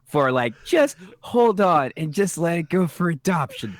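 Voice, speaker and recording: Sarcastic man with a lively voice. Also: fairly high pitch. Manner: sarcastic, joking, quick to react. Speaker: podcast co-host. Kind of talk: casual chat about a TV episode.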